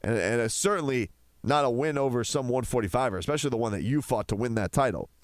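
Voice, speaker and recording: A man's voice: mid-range voice, quick pace, no echo, clean studio sound. A man hosting a chat show, ranting with passion and firing off rhetorical questions. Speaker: podcast host. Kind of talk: opinionated casual chat.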